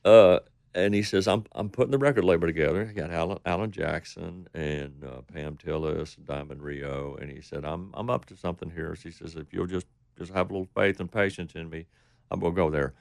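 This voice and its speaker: Low gravelly-voiced man telling stories. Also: a little fast, darkish tone, no echo, clean studio sound. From Texas. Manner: rambling anecdotes with quoted voices. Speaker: guest, country singer. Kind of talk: storytelling interview.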